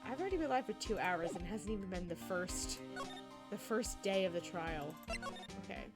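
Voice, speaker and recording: A woman's voice: medium pitch, animated, normal speed. A woman streaming a game, chatting casually, self-mocking and swearing now and then, with game music behind her. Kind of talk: casual game playthrough with reading aloud.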